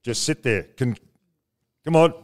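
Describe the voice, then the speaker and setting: A man's voice: mid-range voice, expressive, a little slow. An older Australian man co-hosting a talk show, answering back in a grumbling, defensive way. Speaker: co-host.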